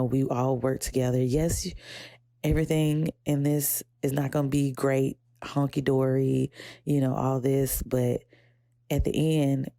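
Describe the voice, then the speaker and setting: A woman's voice: dark tone, no room sound, studio quality. A young adult woman with a Southern American accent, hosting a podcast, talking casually and reflectively, rambling and getting teary at times. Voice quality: gravelly low voice. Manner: reflective, rambling, quotes her inner voice in high pitch. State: emotional, teary. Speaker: podcast host. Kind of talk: casual personal talk.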